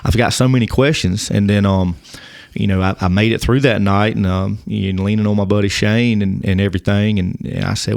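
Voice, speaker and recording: A man speaks in a lowish, dry voice and gives his testimony as a podcast guest. He is earnest and halting, and he often restarts and repeats his words. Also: steady tone, vocal fry, darkish tone, dry recording. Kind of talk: personal testimony in casual conversation.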